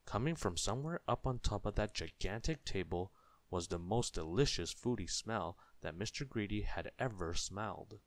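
A male storyteller reads a children's tale aloud in a low, deep voice and talks straight to his young listeners. The sound is dry and close, with no echo at all. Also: moderate pace. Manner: expressive, asks listeners questions.

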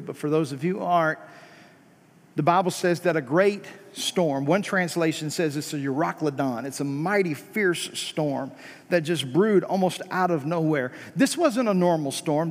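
A man preaching a sermon, talking conversationally with rhetorical questions and punching key lines with emphatic rises before dropping low. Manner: emphatic, rising to high stressed peaks then dropping low. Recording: long hall reverb.

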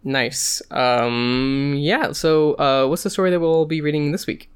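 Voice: medium pitch, unhurried, clear, resonant tone. Hesitant podcast host reading a story. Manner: hesitant, many fillers. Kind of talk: casual chat and story reading.

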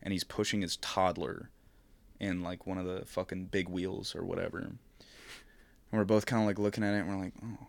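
On a laid-back podcast, a young male co-host with a very deep, gravelly voice rambles through a story, swearing freely and linking ideas with "like." He trails off mid-sentence, then picks the thread back up, speaking in a level tone at a slightly fast clip.

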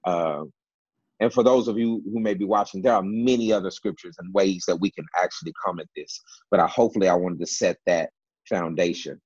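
Emphatic low-voiced man teaching scripture. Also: fairly even intonation, a little fast, a little mellow, breathy edge, dry recording, lo-fi sound. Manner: emphatic, repeats key words, many fillers. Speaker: preacher on a panel discussion. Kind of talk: Bible teaching in a panel talk.

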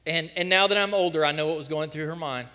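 Animated preacher in an echoing church hall. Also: male voice, on the high side, fast. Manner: animated storytelling preacher, emphatic. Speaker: pastor. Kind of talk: sermon. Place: church sanctuary.

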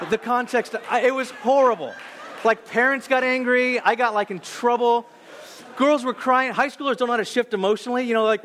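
A pastor in his thirties preaching with a high, light voice. He tells a story with animated, self-deprecating energy, stumbling through restarts when he turns reflective. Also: fairly quick, a little hiss or hum. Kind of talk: sermon.

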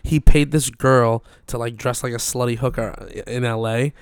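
A man's voice: medium pitch, fairly even intonation, moderate pace, clean tone, dry recording, clean studio sound. A young man chatting casually as a podcast host, rambling and swearing with lots of fillers. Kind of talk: casual chat.

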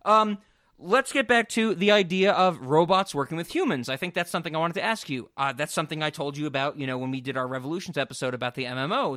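A man co-hosting a casual film podcast, excitable and rambling, swearing freely as he talks. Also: a little high, dry recording, clean studio sound. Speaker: podcast co-host.

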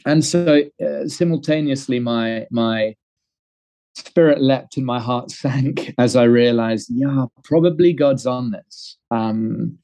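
A man's voice: medium pitch, slow, warm tone, no room sound, rough recording. A man in his thirties with an English accent, telling a long personal story in an interview, with many fillers and restarts. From England. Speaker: guest. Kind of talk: conversational storytelling.

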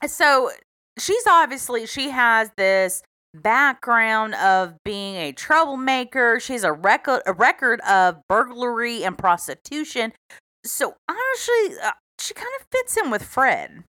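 A woman's voice: fairly high pitch, very animated, unhurried, sharp tone, dry recording, clean studio sound. A woman co-hosting a casual podcast chat, telling the story in a wry, giggly way. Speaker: podcast co-host.

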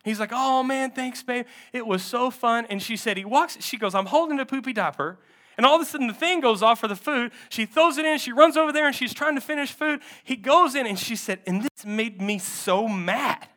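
A male pastor telling a story from the pulpit, switching into the voices of the people in it. His tone is bright and forceful, and he keeps the story lively and animated. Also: extremely high pitch, fairly quick. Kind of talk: sermon storytelling.

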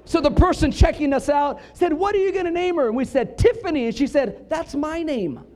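A middle-aged man preaching a sermon, telling funny stories with punchlines and building up to emphatic shouts. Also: very high-pitched, expressive, a little fast, some chatter behind. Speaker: pastor.

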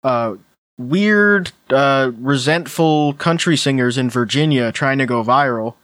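A man hosting a podcast in casual chat, reading online posts aloud with wry, deadpan asides. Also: mid-range voice, measured pace, no room sound. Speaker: podcast host.

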